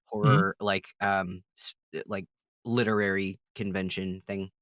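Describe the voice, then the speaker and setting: A man's voice: low voice, level tone, unhurried, fairly bright tone, no echo, clean studio sound. A man co-hosting a podcast in casual chat, giving brief encouraging replies. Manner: brief encouraging responses, laughs along. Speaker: podcast co-host.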